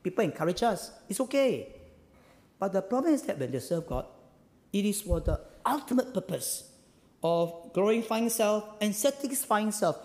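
A male pastor with a Singaporean English accent preaching a sermon. He talks in an animated, conversational way, drops "ah" and "lah" at the ends of phrases and keeps asking the congregation rhetorical questions. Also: sits high, normal speed. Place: church hall. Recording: long hall reverb.

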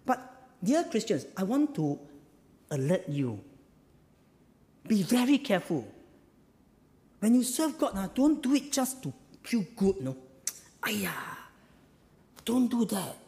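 A man with a Singaporean English accent gives a sermon in a church hall, his voice sitting high and swinging widely up and down. He keeps it chatty, tags phrases with "ah" and "lah" and throws out rhetorical questions. A long reverb trails behind every phrase. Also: sing-song, measured pace, long pauses, mellow. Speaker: pastor.

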